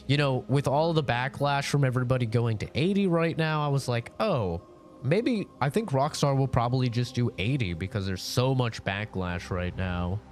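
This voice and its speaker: A sick young man with a nasal voice, chatting casually with his live-stream audience in a rambling, laid-back way. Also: medium pitch.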